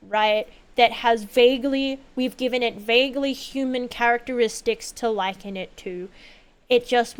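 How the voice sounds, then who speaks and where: A woman streamer chatting casually while gaming, rambling and expressive, with lots of fillers and swearing. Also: on the high side, clean tone.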